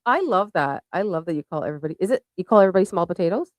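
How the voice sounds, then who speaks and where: Low-voiced woman hosting a livestream. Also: lively intonation, rapid-fire, no echo. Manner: bubbly, thanks viewers by name. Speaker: show host. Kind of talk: casual livestream chat.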